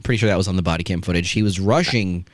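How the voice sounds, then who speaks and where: A man's voice: sits low, very fast, no echo. A man hosting a casual wrestling podcast, ranting and swearing with mocking asides. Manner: profane, ranting, does mocking impressions. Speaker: podcast host.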